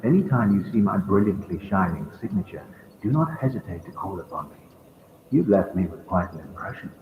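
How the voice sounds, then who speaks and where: A man's voice: low voice, lively intonation, fairly quick. A man voicing a cheerful, courteous male knight warrior in a video game, speaking in a formal, gallant and friendly way. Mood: cheery courtly. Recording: tinny, echoey game audio under noise.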